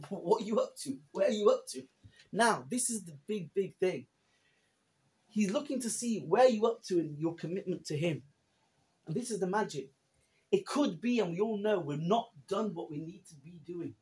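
A man preaching a sermon to a live audience, animated and full of storytelling asides. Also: fairly high pitch. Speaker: rabbi.

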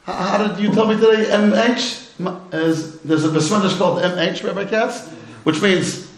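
A man's voice: high voice, moderate pace. A middle-aged man teaching a class as a rabbi, telling humorous stories and asking rhetorical questions. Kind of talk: storytelling Torah talk. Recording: echoey room.

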